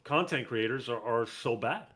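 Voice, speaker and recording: A man's voice: mid-range voice, normal speed, fairly bright tone. A man in casual podcast chat, explaining his view persuasively with rhetorical questions.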